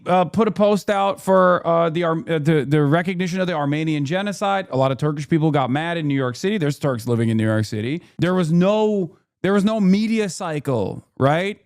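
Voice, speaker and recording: Male streamer, sarcastic ranter, pitch sits a touch high; jumps loud when mocking. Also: dry recording, clean studio sound. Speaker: streamer reacting to clips. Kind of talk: casual profane commentary.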